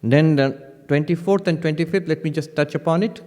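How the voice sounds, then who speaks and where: A man who is a monk and teacher gives a spiritual lecture in an animated, gently humorous way, often correcting himself mid-word. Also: fairly high pitch, a little fast. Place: lecture hall. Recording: lecture hall with long reverb.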